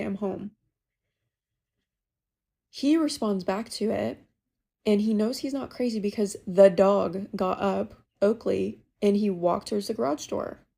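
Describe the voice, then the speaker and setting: Young woman telling her ghost story, chatty, kinda gravelly and warm. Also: medium pitch. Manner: chatty, animated retelling. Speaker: caller sharing a ghost story. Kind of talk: casual storytelling.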